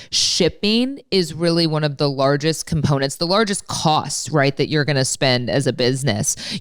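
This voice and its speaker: A woman's voice: low voice, clear, resonant tone, no echo, clean studio sound. A woman co-hosting a podcast, telling stories in a candid, exasperated way and swearing often. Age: late 30s. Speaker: podcast co-host. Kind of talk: casual podcast chat.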